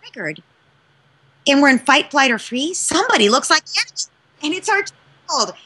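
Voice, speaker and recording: A woman parenting expert answering interview questions in an emphatic, expressive coaching tone. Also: high-pitched, moderate pace, a little hiss or hum.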